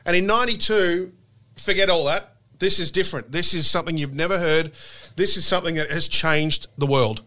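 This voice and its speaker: A man in his forties conducts an interview, full of eager, effusive praise for his guest. His voice sits a bit high and has a bright, forward edge. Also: brisk. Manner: enthusiastic, effusive fan.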